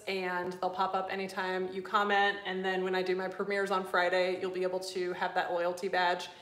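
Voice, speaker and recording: Breathless, fast-talking chatty woman host. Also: medium pitch, a bit bright. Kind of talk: live stream chat with viewers. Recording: echoey room.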